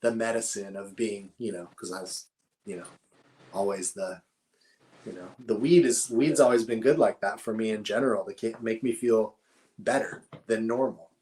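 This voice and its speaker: Speaking at a moderate pace, a middle-aged man with a lowish, slightly mellow voice swaps stories as a podcast guest. He grows cannabis, comes from Northern California, and his casual storytelling is relaxed, meandering and full of profanity.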